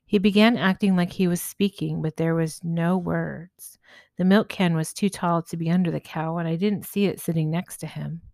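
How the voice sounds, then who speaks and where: A woman, a spiritual healer, narrating a story in a gentle, measured way. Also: on the low side, fairly even intonation, vocal fry, no echo.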